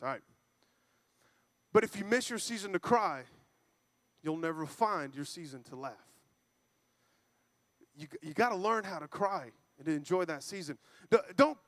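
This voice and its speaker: A man preaching a lively, joking sermon to a church congregation, acting out quoted voices. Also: high-pitched, no echo. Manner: playful, acts out quoted voices.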